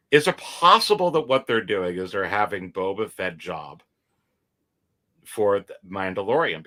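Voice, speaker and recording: A toy collector guesting on a livestream chats animatedly over a video call, his voice on the low side yet bright and forceful. He repeats words and laughs easily.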